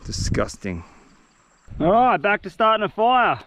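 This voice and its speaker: A young man with an Australian accent, vlogging his fishing trip outdoors in the bush, excitable and slangy. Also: sits high, fairly quick, dry recording. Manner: excitable, slangy, swears freely. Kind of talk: outdoor vlog talking to camera.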